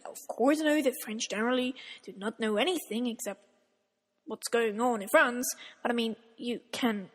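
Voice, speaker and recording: A woman's voice: fairly high pitch, long reverb tail. A woman from Austria, a German speaker, vlogging in a casual, exasperated and incredulous tone. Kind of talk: casual ranting vlog.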